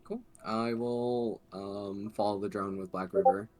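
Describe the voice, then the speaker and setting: Low-voiced relaxed game player. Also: male voice, measured pace, soft background music. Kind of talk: casual tabletop play.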